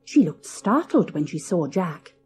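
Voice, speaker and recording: A woman narrating a children's storybook in an expressive, lilting storytelling manner. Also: on the low side, measured pace, soft background music. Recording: old cassette audiobook.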